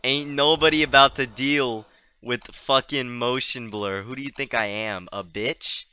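A man's voice: medium pitch, steady tone, measured pace, sharp tone, clean tone, muffled recording. A man giving rambling, profane, joking commentary while playing a video game. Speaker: gamer. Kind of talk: let's play commentary. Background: game audio.

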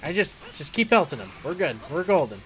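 Bright-voiced guy playing a game, jokey and excitable, faint game music under him. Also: a little high, fairly quick. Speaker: let's play gamer. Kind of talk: casual gameplay commentary.

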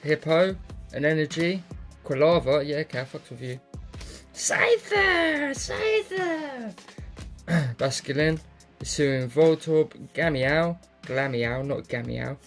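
A man's voice: fairly high pitch, a little slow, faint music behind. A man giving casual, sweary running commentary while opening card packs, muttering and joking to himself. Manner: sweary, muttering, jokey asides. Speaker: card pack opener.

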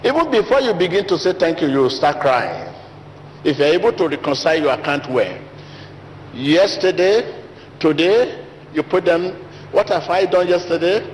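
A man's voice: big pitch swings, normal speed. A man delivering an emphatic, repetitive sermon as a pastor in a large church hall. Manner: repetitive emphatic preaching, rising to high pitch. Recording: long hall reverb, faint noise.

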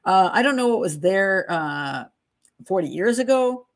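A woman's voice: medium pitch, animated, a little slow. Chatty woman host digressing mid case review. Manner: chatty and digressive, laughs at own asides. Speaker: true crime channel host. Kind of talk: casual case walkthrough, reading statements aloud.

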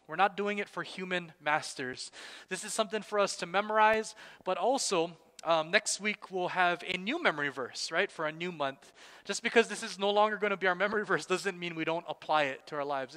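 Bright high-voiced man in a reverberant hall. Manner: chatty and playful, joking with listeners. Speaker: church worship leader. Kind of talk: casual Bible trivia and church announcements.

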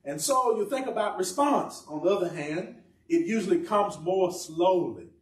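High-voiced man preaching in an echoey church. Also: lively intonation, normal speed, distant mic. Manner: conversational, humorous, asks the congregation questions. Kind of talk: sermon.

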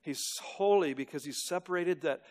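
A male pastor preaching a sermon, earnest, rising to loud emphatic peaks and dropping to a hushed tone. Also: fairly high pitch, normal speed. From United States. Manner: earnest, builds to loud emphatic peaks then drops to a hush.

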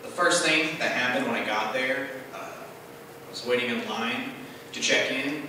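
A man doing conversational stand-up storytelling with quick asides at an open mic in a bar. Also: mid-range voice, background noise. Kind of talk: stand-up comedy. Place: bar stage. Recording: echoey bar from a distance.

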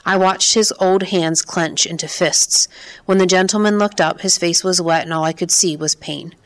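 A woman narrating an audiobook in a calm, measured way. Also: fairly low pitch. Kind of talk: scripted narration.

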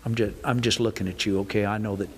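Older pastor preaching, echoey sanctuary. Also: male voice, lowish voice, quick pace, husky. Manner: folksy, animated preaching with acted-out asides. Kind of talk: sermon. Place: church sanctuary. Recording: reverberant church hall.

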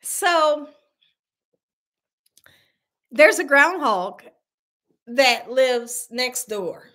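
A woman telling a story to her viewers on a casual livestream, animated and exclamatory, calling them y'all. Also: sits high, extremely slow. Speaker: cooking channel host.

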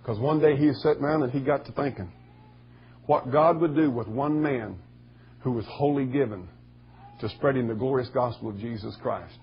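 A man preaching a sermon in a folksy storytelling way, with a husky voice. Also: mid-range voice, moderate pace, highs cut off, slight background noise. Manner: folksy storytelling, rising to shouting bursts. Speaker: pastor.

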